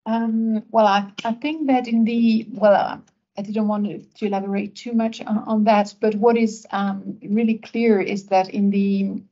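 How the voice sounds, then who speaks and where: A woman answering a question at an academic seminar, hesitant, with many pauses. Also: medium pitch, level tone, lo-fi sound. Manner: hesitant, many fillers and restarts. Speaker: academic speaker.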